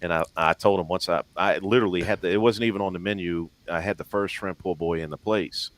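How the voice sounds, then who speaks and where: A man's voice: low-pitched, quick pace, dry recording. A man with a Louisiana accent telling rambling, self-deprecating stories in a casual live-stream chat. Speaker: guest.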